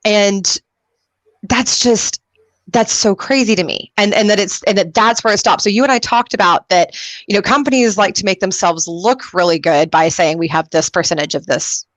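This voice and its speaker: A middle-aged woman from Texas hosting a live interview show over a video call, animated and quick to exclaim and laugh. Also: medium pitch, no room sound. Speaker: host.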